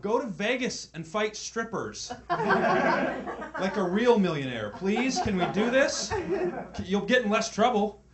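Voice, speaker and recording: A man's voice: high-pitched, sing-song, unhurried. A man comedian delivering a mock-pleading bit.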